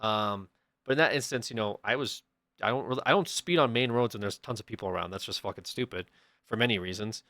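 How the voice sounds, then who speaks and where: A young man, a livestreamer, casually telling a story to his chat and acting out the people in it with sudden loud bursts. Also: on the low side, fast, no echo, clean studio sound.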